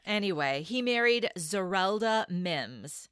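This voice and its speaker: A woman co-hosting a casual podcast, explaining history and reading quotes aloud in a measured way. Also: medium pitch, expressive, a bit bright, clean tone, no room sound, clean studio sound. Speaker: podcast co-host.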